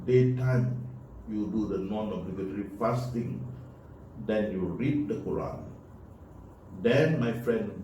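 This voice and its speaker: A man's voice: lowish voice, takes it slowly, dark tone. A man giving an earnest religious talk, urging listeners and repeating key points. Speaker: religious speaker. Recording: echoey room, voice from far off, faint noise.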